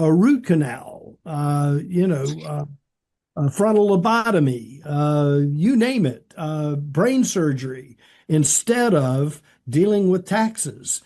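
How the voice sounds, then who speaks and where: A man's voice: a little high, dark tone. A man co-hosting a talk show, explaining policy details in a hesitant way with many fillers. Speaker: podcast co-host. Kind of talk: conversational policy commentary.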